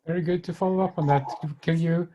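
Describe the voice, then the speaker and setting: A man's voice: on the high side, steady tone, fast, dark tone. A man moderating an online meeting, brief and polite, with fillers. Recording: muffled video-call audio.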